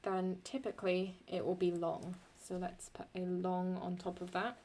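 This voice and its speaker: A woman teaching Latin poetic meter in a chatty way, thinking aloud and correcting herself, and reading Latin lines slowly and deliberately. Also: on the low side, little pitch movement, a little mellow. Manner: slow, deliberate Latin recitation. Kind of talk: screen-recorded lesson.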